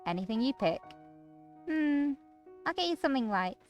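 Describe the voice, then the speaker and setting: A sugary, possessive young woman, as a woman puts her on for a visual novel read aloud, sitting high in pitch with a fussing, syrupy manner. Faint music plays underneath. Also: sing-song, moderate pace. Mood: doting. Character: sweet, doting, controlling young woman.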